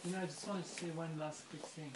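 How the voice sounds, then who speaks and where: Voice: mid-range voice, fairly even intonation, fast talker, recorded from a distance. Thoughtful storyteller, kinda hunts for words, roomy echo, faint background noise. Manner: reflective, searching for words. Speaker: participant in a spiritual discussion. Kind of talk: storytelling in conversation. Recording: echoey room, voice off mic, faint noise.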